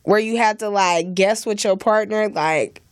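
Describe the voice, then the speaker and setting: A woman's voice: mid-range voice, a little slow, dry recording. Chatty young woman, dry close sound. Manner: chatty, leans heavily on "like". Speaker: podcast co-host. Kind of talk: casual podcast chat.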